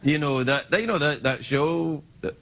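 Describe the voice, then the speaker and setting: A man's voice: on the high side, normal speed, heavy background noise. A man with a Scottish accent hosting a late-night comedy show, with playful, mock-indignant banter and frequent laughter.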